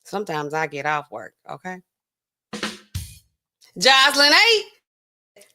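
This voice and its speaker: A woman pharmacist hosting a casual livestream and talking to her chat in an animated, chatty way full of fillers. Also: fairly low pitch, takes it slowly, faint music behind.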